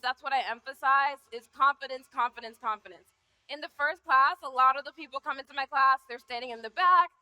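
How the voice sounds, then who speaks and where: Upbeat young woman coaching poses on stage, high bright voice, cheering folks on. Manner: upbeat, encouraging, hypes up volunteers. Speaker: posing coach. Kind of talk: live stage workshop. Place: stage before a live audience. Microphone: handheld mic.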